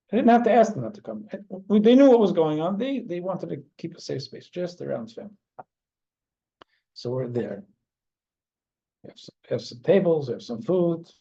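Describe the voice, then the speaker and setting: A middle-aged man, a rabbi teaching an informal class, telling a heartfelt story in a halting way. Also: mid-range voice, warm tone, husky. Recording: dull lo-fi recording.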